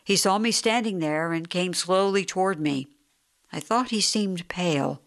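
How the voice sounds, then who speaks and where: A woman narrating a short story for an audiobook in a steady, even way. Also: fairly low pitch, measured pace.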